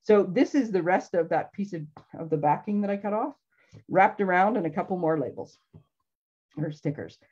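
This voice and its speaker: A woman's voice: fairly low pitch, moderate pace, darkish tone, slightly rough, lo-fi sound. A woman hosting a casual live craft demonstration from her home craft room, chatty and rambling, laughing often. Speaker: craft show host.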